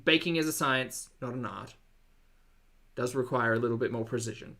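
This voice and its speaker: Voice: medium pitch, normal speed, sharp tone, a little hiss or hum. An Australian-accented streamer chatting casually to a live chat, with rambling asides and plenty of enthusiasm. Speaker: reaction streamer.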